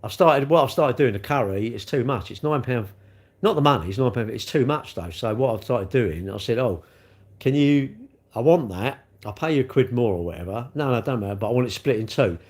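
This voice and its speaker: Casting note: middle-aged bloke, casual livestream host, rambling and chatty. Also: male voice, medium pitch, expressive, a little fast, a little mellow. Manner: rambling, chatty, reads out viewer comments.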